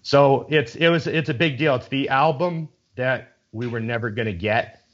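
A man's voice: medium pitch, normal speed, a bit bright, dull audio. A man in casual chat, rambling with enthusiasm and swearing freely as he talks.

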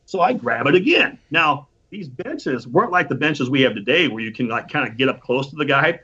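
Man, husky voice, fairly high pitch, casual animated storytelling, muffled lo-fi sound. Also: fairly quick. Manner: animated storytelling with profanity and acted-out quotes. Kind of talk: casual anecdote. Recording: dull lo-fi recording.

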